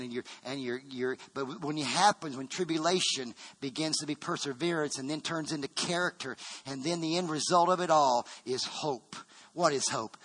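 A man's voice: on the high side, a bit bright. A man preaching a sermon to his congregation as pastor, fervent, often restarting and repeating words.

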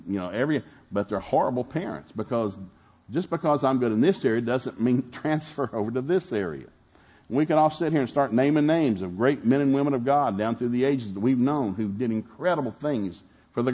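A man's voice: mid-range voice, a little mellow, slightly rough. A middle-aged male pastor preaching a sermon in a folksy storytelling manner, acting out Bible dialogue. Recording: dull lo-fi sound.

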